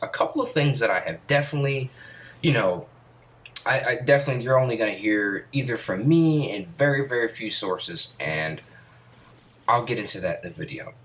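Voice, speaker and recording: A woman YouTuber sitting at home in an angry, profane rant about video games, rambling and restarting her sentences. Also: rumbling low. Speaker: gaming YouTuber.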